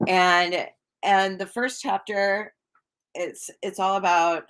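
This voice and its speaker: A woman's voice: mid-range voice, steady tone, slow, fairly bright tone, slight background noise. A woman hosting a casual livestream, rambling chattily and greeting viewers in the chat. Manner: rambling and chatty, full of fillers. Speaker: livestream host and tarot reader. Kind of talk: casual live-stream chat.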